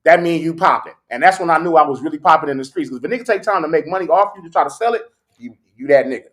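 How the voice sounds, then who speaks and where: A man as a podcast guest in casual chat, telling animated stories with frequent laughter and acted-out quotes. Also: on the high side, rapid-fire.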